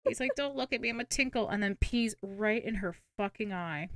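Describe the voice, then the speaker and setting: Young woman podcast co-host, animated storyteller who acts out scenes, dry close sound. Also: mid-range voice, brisk, no room sound. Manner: animated, swearing, acting out characters' lines. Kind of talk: casual movie recap chat.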